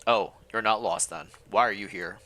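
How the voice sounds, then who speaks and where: A man's voice: on the low side, moderate pace, bright, forceful tone. A man voicing a curt retired estate warden, speaking tersely in a put-on foreign accent.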